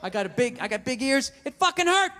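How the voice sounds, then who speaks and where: A man's voice: very high-pitched, big pitch swings, quick pace. A man doing stand-up comedy on a theater stage, ranting with lots of swearing and acting out both sides of arguments. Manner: ranting, profane, acts out quoted arguments. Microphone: stage microphone. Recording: echoey hall, faint hiss.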